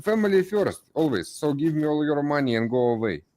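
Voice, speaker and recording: A man's voice: on the high side, very animated, a little fast, a little mellow. A man putting on a Russian accent to play a villainous final boss. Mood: menacing.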